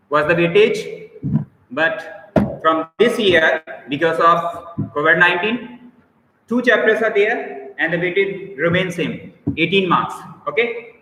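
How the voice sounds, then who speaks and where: A man's voice: high-pitched, bright, forceful tone, heavy reverb, big-room sound, rough recording. A man with an Indian English accent teaching a biology class online, explaining patiently and calling on students by name. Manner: instructive, repeats points, calls on students by name. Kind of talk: live online class lecture.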